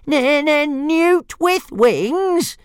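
A man voicing a small cheeky young male dragon who stammers and jeers in a high, squeaky voice. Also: animated, extremely slow, no echo, studio quality, heavily acted. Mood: grumpy.

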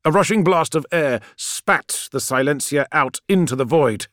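A man reading a science-fiction audiobook as narrator, with measured, expressive storytelling. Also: on the high side, no echo, clean studio sound.

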